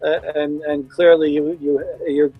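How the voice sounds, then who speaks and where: A man's voice: on the high side, level tone, unhurried, slightly rough, no room sound, narrow, tinny audio, faint music behind. A man being interviewed as a guest, talking in a playful, jokey way and often repeating words. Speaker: voice actor guest. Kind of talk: casual interview chat.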